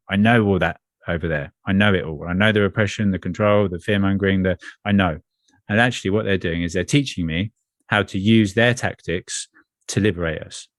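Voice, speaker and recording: Male energy coach, deep voice, dry recording, earnest and measured. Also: dry recording. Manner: earnest, measured, repeats phrases. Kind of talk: spiritual conversation.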